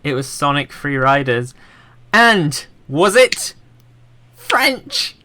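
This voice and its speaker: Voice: medium pitch, animated, slow pace, bright, forceful tone. Playful, teasing podcast quiz host. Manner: playful, teasing, laughing often.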